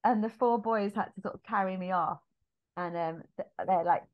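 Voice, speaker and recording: A woman with an English accent, a musical theatre actress chatting as a podcast guest and telling lively anecdotes, acting out the lines she quotes. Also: mid-range voice, normal speed, muffled recording. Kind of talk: casual anecdotal chat.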